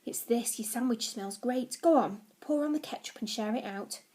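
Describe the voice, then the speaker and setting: A woman's voice: on the high side, normal speed, mellow, lightly acted. Woman putting on a stern grumpy dad, groany, storybook. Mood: demanding. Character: grumpy but good-natured dad, early morning.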